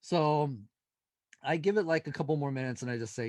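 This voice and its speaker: A male paranormal investigator, a guest in an interview, telling a story in an animated way and acting out the dialogue. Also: fairly high pitch, fairly quick, dry recording, clean studio sound.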